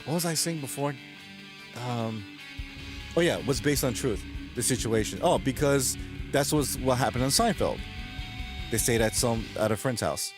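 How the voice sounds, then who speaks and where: A man's voice: medium pitch, moderate pace, pauses often, music in the background. A man live streaming late at night, chatting to his viewers in a rambling way, often chuckling as he retells jokes. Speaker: live streamer reading chat.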